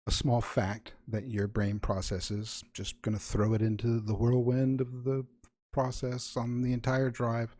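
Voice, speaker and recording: A man's voice: medium pitch, little pitch movement, unhurried, darkish tone. A man narrating as game master of a tabletop horror game, improvising scenes with wry, playful asides.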